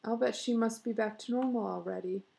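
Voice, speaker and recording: A woman's voice: fairly high pitch, a little fast, vocal fry, warm tone. Woman reading as a pushy bearded husband. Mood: excited. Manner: boisterous, insistent. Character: bearded middle-aged husband, pushy and excitable.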